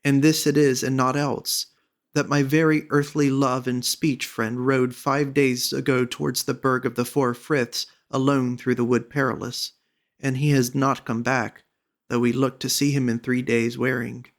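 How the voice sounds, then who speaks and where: A man voicing a sad, tearful young maiden in a storybook reading, with a soft, pleading delivery. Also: medium pitch, level tone, measured pace, close to an everyday voice. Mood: urgent warning.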